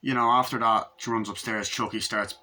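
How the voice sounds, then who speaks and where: A man giving a casual movie review, recapping scenes excitedly with lots of swearing and rambling. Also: lowish voice, a little fast.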